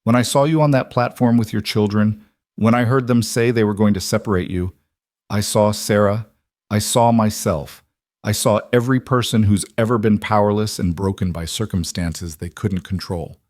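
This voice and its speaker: A man voicing a gentle, earnest cowboy rancher whose quiet voice is rough with old grief. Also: on the low side, steady tone, normal speed, no room sound, studio quality, lightly acted. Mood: grieving. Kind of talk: audiobook character reading.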